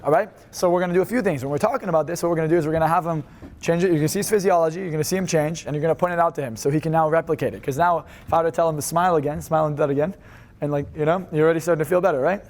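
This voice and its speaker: A man leading a live seminar, energetic and fast, swearing freely as he instructs the room. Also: fairly high pitch. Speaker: seminar speaker.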